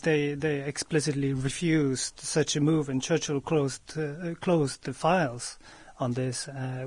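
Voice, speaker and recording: Halting man explaining history. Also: on the high side, no echo. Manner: hesitant, many ums and restarts. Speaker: co-host. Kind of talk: casual history discussion.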